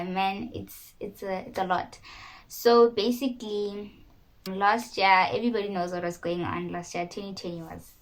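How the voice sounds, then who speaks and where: A woman's voice: medium pitch, poor audio. A young woman from South Africa talking casually to her viewers in a candid, self-mocking vlog. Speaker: YouTuber. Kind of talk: casual talk to camera.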